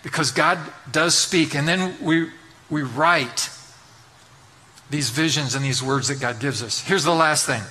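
A man's voice: a little high, unhurried, pushed and bright. A middle-aged man preaching a sermon as pastor, telling a story with self-deprecating humor and building to emphatic appeals.

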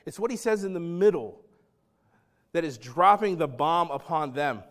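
A man preaching a sermon as pastor, emphatic and dramatic, swinging between loud stretches and hushed ones and talking straight to his congregation. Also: a little high, expressive, moderate pace. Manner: acts out quoted speech and addresses the congregation directly.

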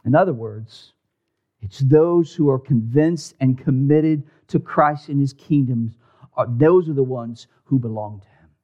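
Male pastor, slow deliberate sermon delivery, drops to hushed whispers for effect, muffled lo-fi audio. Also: mid-range voice. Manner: dramatic, swings from loud emphasis to hushed near-whisper.

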